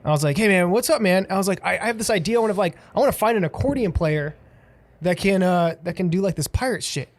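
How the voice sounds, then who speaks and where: Man, fairly high voice, relaxed, chuckling, casual podcast chat. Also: fast. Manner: laid-back, laughs often. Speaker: band member guest.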